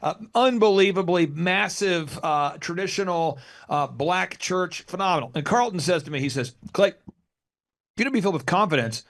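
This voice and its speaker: A business consultant in his forties, appearing as a guest on a podcast interview, tells stories with energy and acts out what other people said. His voice is high and moves at a moderate pace.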